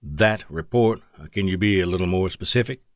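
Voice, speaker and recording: A man's voice: sits low, brisk, no echo, clean studio sound, pitched below the performer's own voice, natural voice. A man voicing an experienced male fighter pilot with a Texan accent, who talks in a wry, teasing, reassuring way.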